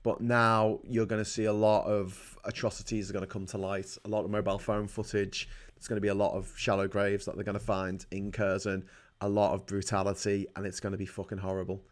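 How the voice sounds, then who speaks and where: A man's voice: lowish voice, flat delivery, a little fast. A man hosting a livestream, giving profane, heated and indignant political commentary into a desk mic. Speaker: livestream host.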